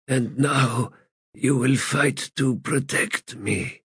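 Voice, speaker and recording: A man's voice: mid-range voice, fairly bright tone, no echo, voice pushed up, exaggerated voice. A man voicing a frail, chained, broken god. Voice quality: frail, breathy. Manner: slow, pleading, halting.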